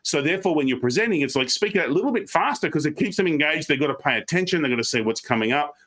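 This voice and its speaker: An Australian man giving online presentation tips on a video call, fast and animated, slipping into quick mock voices. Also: on the high side. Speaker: guest speaker.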